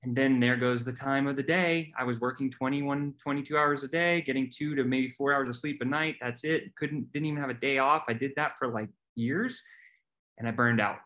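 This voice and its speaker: A man of middle pitch speaks as a podcast guest, recounting his story in a candid, earnest way. He often stumbles, restarts and repeats his words as he talks. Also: steady tone, moderate pace, a bit bright.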